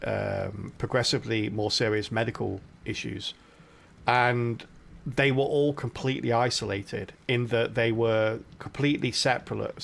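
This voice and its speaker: A man's voice: medium pitch, gravelly, a bit bright. A young British man casually commentating his game on a live stream, chatty and laughing often as he talks to his viewers.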